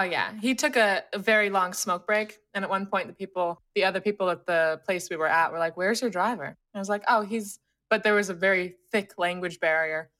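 A woman co-hosting a podcast, telling travel stories in casual chat and often laughing. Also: mid-range voice. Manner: animated, laughs often, acts out voices in anecdotes. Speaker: podcast co-host.

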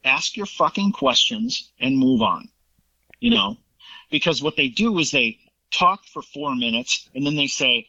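An opinionated man holds forth in casual political chat, retelling conversations at length. His voice sounds bright and forward. The recording is dull and lo-fi, with a dry, close sound. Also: medium pitch, animated, a little slow, no echo.

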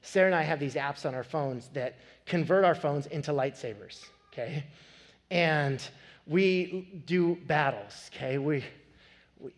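A man in his thirties preaching a sermon, telling a family story with animated, building emphasis. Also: a little high, measured pace. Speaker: pastor. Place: church sanctuary. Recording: long hall reverb.

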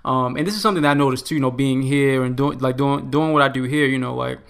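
A male interviewer talks in long, loose questions full of ums and you-knows. His voice is smooth and clear, set at an ordinary middle pitch. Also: fairly even intonation, fast talker, a bit bright. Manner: rambling questions with many fillers. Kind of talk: casual interview.

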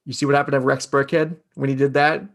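A man's voice: mid-range voice, level tone, quick pace. A man co-hosting a fantasy football podcast, ribbing his partner in casual chat.

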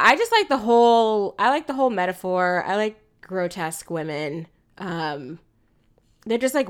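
A woman's voice: fairly low pitch, smooth. Chatty young woman, rambling with laughs. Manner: rambling, many fillers and restarts, laughs often. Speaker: podcast co-host. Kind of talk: casual film discussion.

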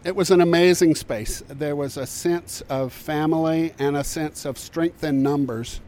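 An older man giving a reflective interview, speaking thoughtfully with frequent pauses, fillers and restarts. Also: a little high, fairly even intonation, a little mellow. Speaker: interviewee recalling community work.

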